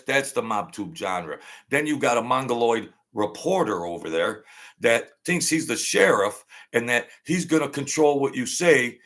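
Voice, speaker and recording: Slow and blunt, a middle-aged livestream host with a medium-pitched voice mocks and comments as he reads chat. He repeats himself, rants loudly, and then laughs.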